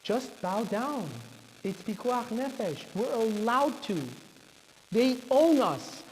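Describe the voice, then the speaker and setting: A man's voice: very high-pitched, lively intonation, slow pace, a little mellow, heavily acted. A man voicing a crowd of frightened, pleading ancient townsfolk in a sermon story. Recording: reverberant hall, faint background noise.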